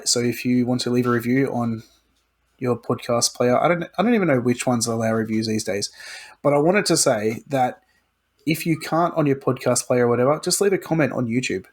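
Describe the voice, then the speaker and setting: Male podcast co-host, husky voice, relaxed casual chat, runs segments and announcements. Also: mid-range voice, normal speed.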